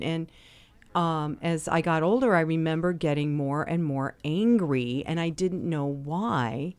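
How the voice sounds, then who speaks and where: A woman in her forties hosting a radio talk show, chatty and animated as she shares anecdotes. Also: sits low, a little slow, clean tone. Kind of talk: conversational interview.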